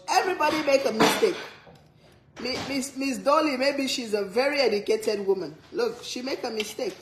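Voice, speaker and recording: A woman's voice: medium pitch, reverberant, background noise. A woman hosting a cooking livestream, chatting playfully with viewers and laughing often. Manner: playful, laughs a lot, reads comments aloud. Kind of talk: casual live-stream chat.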